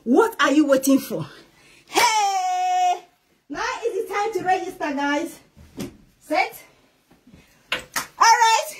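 Shrieking, overjoyed woman with a very high voice. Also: animated, takes it slowly, pauses often, a little hiss or hum. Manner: shrieking, exuberant, repetitive; laughs often while talking. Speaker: network marketer. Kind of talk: excited promotional live video.

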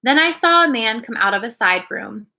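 A woman reads a storybook aloud with clear, expressive storytelling. Her voice is fairly high and quite bright. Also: moderate pace. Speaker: reader.

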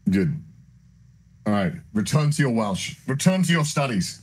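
A man's voice: mid-range voice, sing-song, measured pace, breathy edge. A man streamer in casual banter, smugly teasing and mock-stern with his co-host.

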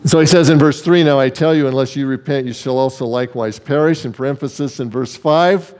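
A man's voice: medium pitch, moderate pace, creaky, few pauses, darkish tone. A male pastor preaching a sermon, emphatic, with repeated phrases for weight.

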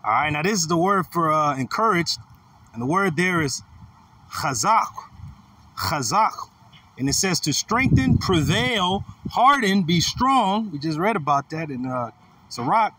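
A man's voice: a little high, animated, normal speed, pushed and bright. A man leading an informal bible study, teaching with slangy asides and laughter. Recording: distant mic with light noise.

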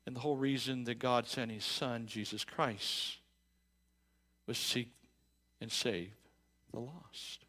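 A pastor preaches his sermon slowly in the church sanctuary, pausing often, his voice medium in pitch. His delivery is conversational, with restarts and repeated words, building to loud emphatic bursts before falling to quiet, reflective stretches.

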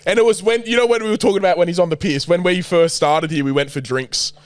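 A man's voice: high voice, fast, no echo. A man as a podcast guest, swearing freely and acting out stories in casual banter. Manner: swears freely, acts out anecdotes.

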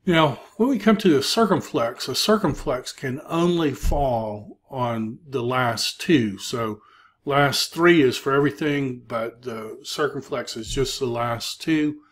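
A man's voice: medium pitch, slow pace. A man teaching a recorded video lecture as an instructor, explaining step by step with frequent hesitations and filler sounds. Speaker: Greek instructor.

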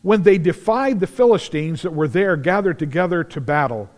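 A man preaching in a big church sanctuary, his fairly high voice swinging up and down as he acts out Bible stories. He bursts into shouts at the climaxes of the action. Long reverb trails behind every phrase. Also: normal speed. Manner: animated storytelling, acts out scenes, shouts at climaxes. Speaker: pastor. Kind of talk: sermon.

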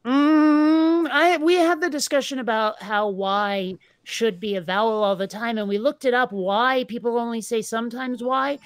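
A woman chatting casually in a group conversation, animated and wry. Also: fairly high pitch, normal speed, few pauses, clear, resonant tone, no room sound. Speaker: live stream co-host.

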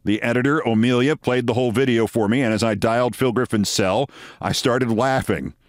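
A man's voice: medium pitch, fairly quick, no echo, clean studio sound. A man hosting a podcast, delivering a scripted commentary monologue with sardonic, emphatic storytelling. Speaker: podcast host.

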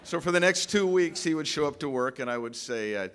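A man giving a humorous, story-filled memorial speech with restarts and emphatic pauses, in a large pavilion hall. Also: a little high, expressive, a bit bright, clear, resonant tone. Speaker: eulogist speaking at a memorial. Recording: long hall reverb.

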